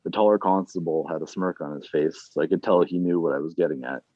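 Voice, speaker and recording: A man reading his own fiction aloud at an online reading series, plain and unhurried, with casual asides between chapters. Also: low-pitched, dark tone, dry recording. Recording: dull, dry lo-fi sound.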